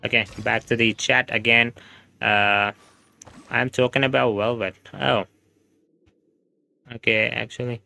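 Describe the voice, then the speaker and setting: Here a man with an Indian English accent streams games, chatting loosely, reading out chat messages, and laughing a lot. His mid-range voice is gravelly, pushed, and bright, with a steady tone, a slightly slow pace, and long pauses, captured on a home streaming microphone.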